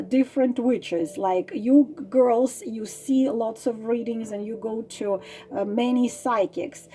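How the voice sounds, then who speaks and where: Slow high-voiced woman telling a fairy tale. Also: mellow. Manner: emphatic, repetitive, addresses listeners as "girls". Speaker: psychic and tarot reader. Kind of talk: storytelling a fairy tale to viewers.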